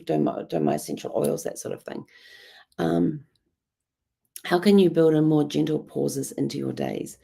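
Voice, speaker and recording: A woman with a hoarse, croaky voice who coughs now and then, hosting a casual daily journaling vlog in a rambling, chatty way. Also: extremely low pitch, warm tone. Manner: rambling, chatty, many ums. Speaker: host.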